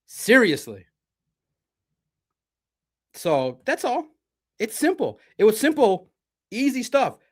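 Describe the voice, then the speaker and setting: A man's voice: extremely high pitch, huge pitch swings, slow pace, long pauses. A man from Detroit hosting a livestream sports podcast, talking in a blunt, combative and profane way. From Detroit, United States.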